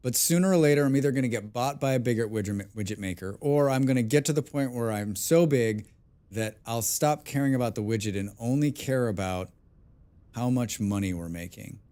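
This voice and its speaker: Chatting on a live gaming stream, this streamer drifts loosely from one thought to the next, thinking aloud and restarting sentences a lot. He swears bluntly without fuss, keeping things relaxed and conversational in a brisk, clear, resonant medium-pitched voice. Born in another country, he now lives abroad.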